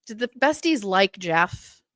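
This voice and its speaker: A chatty woman hosts a casual livestream, teasing and talking freely to her viewers. Her voice sits at a middle pitch, recorded close and dry with no room sound. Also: animated, a little slow, fairly bright tone, no echo. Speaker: host.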